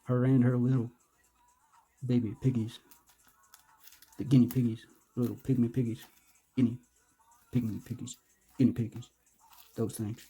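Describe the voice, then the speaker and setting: A man's voice: mid-range voice, flat delivery, moderate pace, pauses often, dark tone, breathy edge, soft background music. A man doing casual, rambling unboxing commentary, joking, hyping himself up and cursing. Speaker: vlogger.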